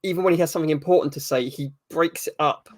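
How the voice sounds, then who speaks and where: A man's voice: a little high, fast, dry recording. A man being interviewed as an author, thoughtful and a bit hesitant, with dry humor. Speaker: author as guest. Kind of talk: casual interview answers.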